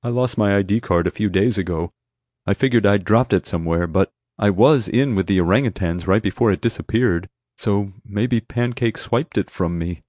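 A man reading an audiobook, voicing a shy young man who speaks softly and hesitantly. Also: lowish voice, normal speed, dry recording, studio quality, natural voice. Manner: soft, hesitant. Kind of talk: audiobook character voice.

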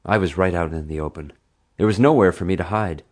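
A man's voice: sits low, brisk. A man narrating a children's adventure audiobook in a dry storytelling manner. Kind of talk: scripted narration.

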